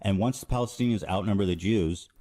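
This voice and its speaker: Man, deep voice, halting conversational delivery. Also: mellow.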